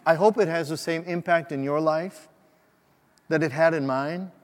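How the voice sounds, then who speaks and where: A man preaching a Christmas sermon to a congregation, swinging between emphatic and soft delivery. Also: a little high, normal speed. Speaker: pastor. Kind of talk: Christmas sermon with a read-aloud story. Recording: long hall reverb.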